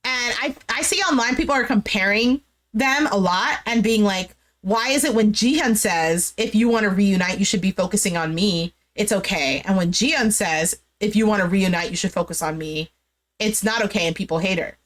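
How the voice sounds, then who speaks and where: A young woman casually recapping a dating show, chatty and animated, full of "like" and quoted dialogue. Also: mid-range voice, moderate pace. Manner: chatty, animated retelling with lots of "like". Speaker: recap streamer.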